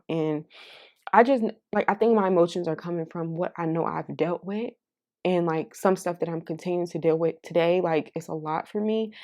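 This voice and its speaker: A woman with a notably low, deep voice reads tarot cards for her audience. She talks in a casual, heartfelt and candid way and swears freely. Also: dark tone. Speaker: tarot card reader. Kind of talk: casual pick-a-card tarot reading.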